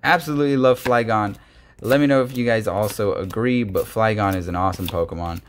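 A young man hosting a casual card-opening video, chatty and slangy, quick to get excited. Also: lowish voice, a little hiss or hum. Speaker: card-opening channel host.

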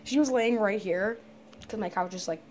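A woman's voice: mid-range voice, moderate pace, a little mellow, a little hiss or hum. A scared, jumpy woman rambling and swearing nonstop as she films in her bedroom at night on a handheld phone. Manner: jittery, swears constantly, rambles nervously. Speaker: vlogger. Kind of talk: casual rambling phone vlog.

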